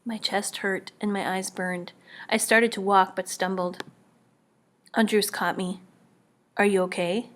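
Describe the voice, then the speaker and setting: A woman narrating an audiobook in the first person, quiet and measured, often near a whisper. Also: mid-range voice, fairly even intonation. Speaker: audiobook reader.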